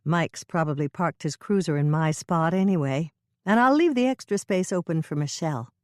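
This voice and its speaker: A woman reading the lines of a determined, forceful amateur sleuth in an audiobook. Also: sits low, animated, moderate pace, no echo, studio quality. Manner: forceful and urgent. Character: determined woman baker, sharp-tongued sleuth.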